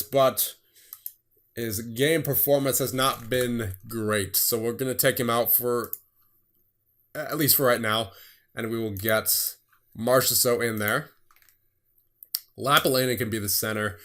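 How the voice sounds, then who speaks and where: A young man casually commentating his own hockey management game, rattling off results in quick bursts with a mid-range voice. His voice sounds a little worn, and keyboard typing clicks away behind him. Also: mid-range voice, a bit bright. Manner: rattles off scores in quick bursts, then laughs at himself. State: voice getting tired. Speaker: gaming streamer.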